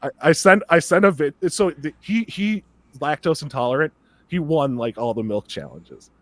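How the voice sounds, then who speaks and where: A man co-hosting a podcast, rambling excitedly in casual chat and laughing often as he talks. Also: fairly high pitch, moderate pace, no echo. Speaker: podcast co-host.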